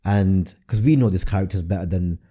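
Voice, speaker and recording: A man, a guest comedian telling stories in a casual podcast chat, his pitch jumping up on emphasis. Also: brisk, dark tone, slightly rough. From northern England.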